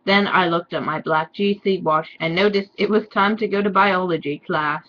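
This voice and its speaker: A woman giving a sarcastic dramatic reading with deadpan, mocking asides. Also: lowish voice, highs cut off. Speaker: reader and commentator.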